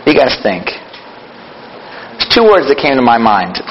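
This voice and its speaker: A man's voice: medium pitch, big pitch swings, a little slow, slight background noise. Man teaching a church group in a hall. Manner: asks the group questions, repeats phrases for emphasis. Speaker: Bible study leader. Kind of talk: teaching sermon. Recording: dull lo-fi hall recording.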